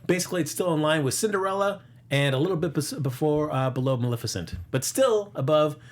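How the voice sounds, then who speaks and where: A man's voice: a little high, lively intonation, quick pace. A man hosting a casual box office chat, rambling through the figures with lots of fillers and jokes. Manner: rambling, filler-heavy, joking. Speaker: host.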